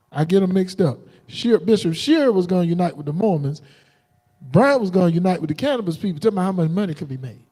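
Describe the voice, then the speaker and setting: A man preaching a combative, defiant sermon on a livestream, jumping into sudden high outbursts. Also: warm tone. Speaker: preacher streaming live.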